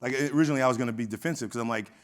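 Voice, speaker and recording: Rapid-fire and medium-pitched, a middle-aged Oakland, California keynote speaker shares a personal story in a conversational way on a conference hall stage, performing the quoted lines as he goes.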